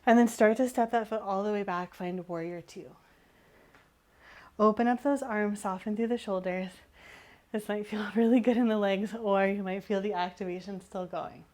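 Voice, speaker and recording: A woman instructor giving calm, encouraging yoga cues while moving, slightly out of breath. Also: mid-range voice, normal speed. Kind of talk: guided yoga class cues.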